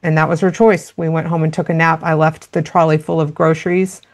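A woman with a lowish, gravelly voice talks through parenting in an earnest, explanatory way. She speaks as an interview guest, warm in content but practical, and slips into short quoted lines of dialogue to make her points. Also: flat delivery, a little fast. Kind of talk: conversational interview.

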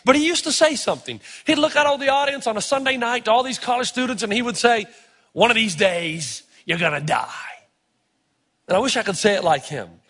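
A middle-aged man preaching a sermon, telling stories with animated, sometimes shouted emphasis. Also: extremely high pitch, quick pace, hardly any pauses. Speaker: pastor. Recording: long reverb of a large hall.

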